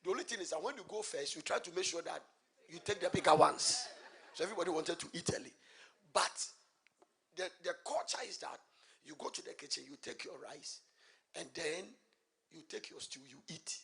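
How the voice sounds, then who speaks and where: Raspy high-voiced Ghanaian preacher. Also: male voice, brisk. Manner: swings from hushed storytelling to loud emphatic preaching; repeats key phrases and asks the congregation rhetorical questions. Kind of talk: sermon. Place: church.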